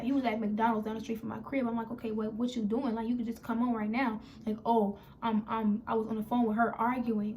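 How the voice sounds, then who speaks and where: A young woman with tells a story straight into her phone, voice pitched a bit high with a gravelly edge. She speaks candidly and in a rambling way, quoting others as she goes. Faint noise hums underneath. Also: darkish tone. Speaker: vlogger. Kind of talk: emotional storytime vlog.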